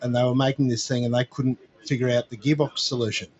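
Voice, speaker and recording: A man's voice: mid-range voice, little pitch movement, fast, lo-fi sound, a little hiss or hum. A man from Australia hosting a show, chatting enthusiastically and jumping in to finish his guest's thoughts. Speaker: show host. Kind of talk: casual interview chat. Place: outdoor expo stand.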